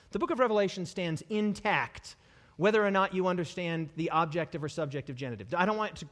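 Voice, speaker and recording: A male preacher giving a sermon to a live congregation, animated and repetitive, dropping humorous asides. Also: a little high. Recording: long hall reverb.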